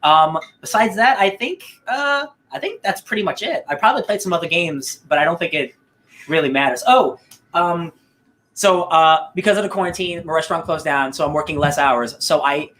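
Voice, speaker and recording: Rambling upbeat man, slightly high voice. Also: a little fast, fairly bright tone, a little hiss or hum. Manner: rambling, upbeat, heavy on fillers and restarts. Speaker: podcast co-host. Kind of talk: casual podcast chat.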